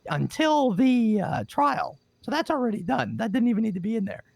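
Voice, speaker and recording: A woman playing a defendant in a casual roleplay, lively and quick to tease. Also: fairly high pitch, creaky, no echo.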